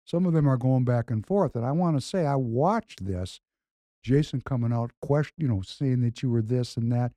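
A man's voice: mid-range voice, moderate pace, dark tone, dry recording. A man co-hosting a podcast, talking earnestly and emphatically, often repeating a point. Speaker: podcast co-host. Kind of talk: casual podcast talk.

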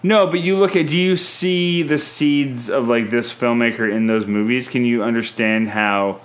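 Chatty man thinking out loud. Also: medium pitch, moderate pace. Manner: chatty, thinks aloud with restarts. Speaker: podcast host, film reviewer. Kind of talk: casual film review chat.

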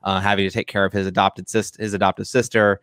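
A man with a fairly low voice talks through his take on a film in a loose, rambling way, stopping and restarting his sentences often. The sound is dry and close, with no room around it. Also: little pitch movement, fast talker, a bit bright, clean tone, no room sound. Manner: rambling, many restarts and fillers, laughs often. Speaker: film review podcast co-host. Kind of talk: casual film review chat.

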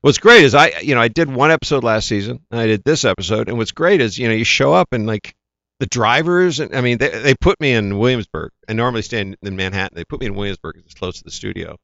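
Gravelly animated male storyteller. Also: medium pitch, fast, no room sound, highs cut off. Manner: animated anecdotes, acts out quoted voices. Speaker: actor, guest. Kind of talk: casual interview storytelling.

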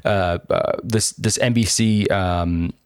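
A man hosting a casual political chat, animated, sarcastic and swearing freely, with lots of fillers. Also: on the low side, slow pace, clear, resonant tone, no room sound, clean studio sound.

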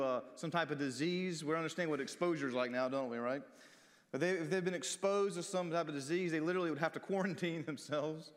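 A man preaching a sermon in a church, explaining Bible verses in a conversational way and asking the congregation questions. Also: fairly high pitch. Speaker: pastor. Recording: long reverb of a large hall.

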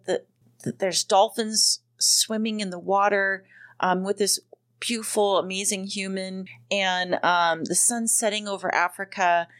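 A woman's voice: medium pitch, fairly bright tone. A woman in her forties hosting a podcast, telling a long personal story in a rambling way, full of ums and casual swearing. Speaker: podcast host.

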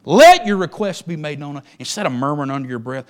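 A man preaching a sermon, swinging between hushed prayerful lines and loud, emphatic exclamations. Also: medium pitch, lively intonation, fast talker, few pauses.

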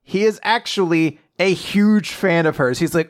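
Animated man retelling a story. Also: high voice, no room sound, studio quality. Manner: animated retelling with quick acted-out quotes and laughter. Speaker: podcast co-host. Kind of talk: casual manga discussion.

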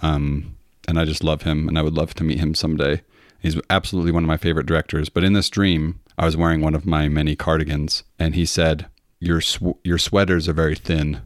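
A man's voice: extremely low pitch, flat delivery, a little fast, hardly any pauses, no echo, clean studio sound. A man co-hosting a podcast, chatting casually in a playful, rambling way and laughing often. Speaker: podcast co-host. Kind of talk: casual chat.

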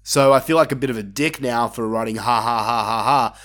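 A man hosting a wrestling podcast, giving a casual, opinionated review monologue with plenty of swearing and bursts of excitement. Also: mid-range voice, brisk.

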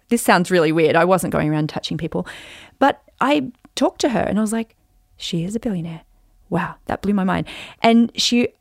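A woman in her forties hosting a podcast, telling a personal story in an animated, chatty way with lots of fillers. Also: medium pitch, gravelly, no echo, clean studio sound. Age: 40s. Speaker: podcast host.

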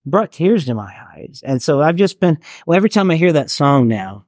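An earnest middle-aged man speaks to a small group in a mellow, warm voice. He talks conversationally and keeps doubling back to restart his sentences. The sound is close and dry, with no room around it. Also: on the high side, big pitch swings, a little fast, no room sound. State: getting teary. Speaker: worship leader and chaplain teaching a workshop. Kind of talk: talk to a live group.

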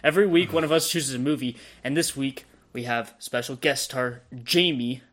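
A man hosts a casual movie podcast and runs the intro at a brisk clip. His voice sits at a middle pitch, and he moves the show along. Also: a bit bright. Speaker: podcast host.

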